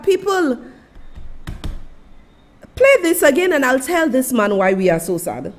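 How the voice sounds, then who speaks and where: A Saint Lucian woman hosts a live stream in a high voice. She talks slowly and with emphasis, turning again and again to call on her listeners and on officials by name. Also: lively intonation. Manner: emphatic, repeatedly addresses listeners and officials directly. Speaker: livestream host. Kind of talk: impassioned live-stream commentary.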